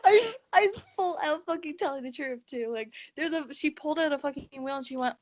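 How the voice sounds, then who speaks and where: A woman's voice: sits high, moderate pace. A teenage girl co-hosting a podcast, telling a dream story in casual chat, acting out the other voices and swearing freely. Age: teens. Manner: animated, acts out quoted voices, swears. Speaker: podcast co-host.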